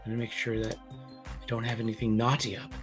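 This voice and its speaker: A man hosting a casual comics livestream, talking in a rambling, halting way with many fillers and restarts. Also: lowish voice, level tone, over music. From Boston area. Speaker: comics review livestream host.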